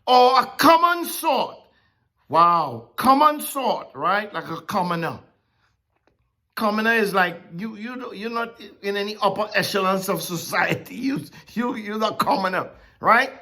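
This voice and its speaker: Slow, bright-voiced Bible teacher. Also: mid-range voice. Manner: animated, keeps checking in with "okay?" and "right?". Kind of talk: conversational sermon.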